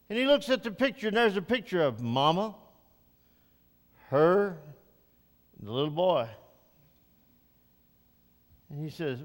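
Older preacher with rising emphatic peaks. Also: male voice, very animated, long reverb tail. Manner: rises to loud, high emphatic peaks, then drops soft and slow. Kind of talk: Father's Day sermon.

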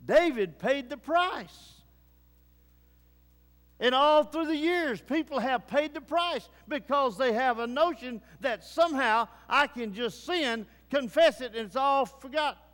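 A man preaching a sermon with fervent delivery, moving between low grave tones and rising urgency. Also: animated, a little slow, a bit bright, long reverb tail.

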